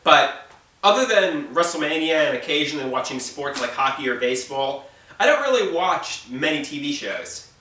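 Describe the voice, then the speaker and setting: A man's voice: fairly high pitch, sing-song, normal speed, pushed and bright, roomy sound, far from the mic, slight background noise. A man from Long Island with a New York accent, chatting casually as a video host, rambling and stumbling over repeated words. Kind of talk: casual chat.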